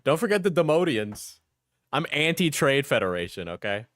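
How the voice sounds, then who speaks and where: A man's voice: on the high side, very animated, moderate pace, a bit bright. A man streaming a casual reaction video, joking, laughing and swearing as he comments.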